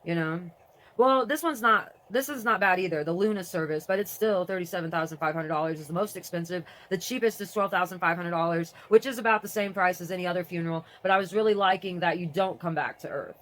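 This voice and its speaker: Speaking fast in a mid-range voice, this adult vlogger, mother of a grown daughter, reads from a website in a relaxed, chatty way. Her talk wanders and breaks off mid-thought, swinging from excitement to mourning.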